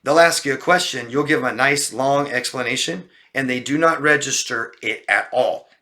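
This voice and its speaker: A man's voice: medium pitch, normal speed. A man giving relationship coaching, talking casually and answering viewer questions, often acting out exasperated exchanges. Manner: animated, mimics people in exasperated voices.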